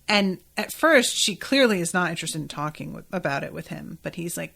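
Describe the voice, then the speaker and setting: A woman's voice: lowish voice, animated, a little fast, gravelly, few pauses, a bit bright. A woman hosting a podcast, recapping an episode in a casual, rambling way with lots of filler words. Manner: chatty, rambling, many filler likes. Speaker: podcast host.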